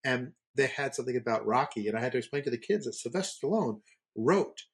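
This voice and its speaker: A middle-aged man chats on a podcast, his voice a bit husky and breathy. He wanders through long anecdotes, stopping and restarting with plenty of ums. His pitch sits in an ordinary middle range. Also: expressive, quick pace. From Northeastern United States. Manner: rambling storyteller, many fillers and restarts. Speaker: podcast co-host. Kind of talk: casual conversation.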